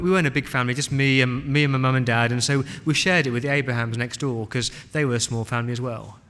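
A male preacher retelling a scripture story in the first person as a child eyewitness, with dramatic pauses. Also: mid-range voice, a bit bright. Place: church hall. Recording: long hall reverb.

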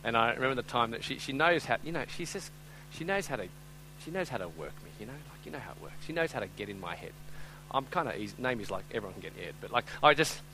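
A man preaching a live sermon, moving between loud, urgent appeals and quiet, chatty storytelling full of fillers. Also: medium pitch, big pitch swings, quick pace, a little hiss or hum, poor audio. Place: speaking before a live audience.

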